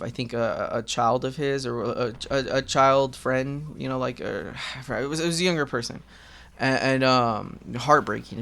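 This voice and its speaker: A man with a gravelly edge and a mid-range voice chats casually into a desk mic while gaming. He rambles candidly, swears freely and leans on fillers like "um" and "like.". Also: medium pitch, fairly bright tone. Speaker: gaming vlogger.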